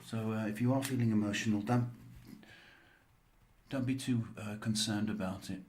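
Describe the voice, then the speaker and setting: A man doing a live-streamed psychic card reading, answering viewers slowly, with many ums and pet names like baby and sweetheart. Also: on the low side, fairly even intonation, a little mellow.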